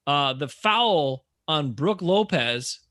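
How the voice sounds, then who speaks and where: A man co-hosting a casual sports podcast, ranting in an animated, exasperated way. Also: a little high, slow, no echo, clean studio sound. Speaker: podcast co-host.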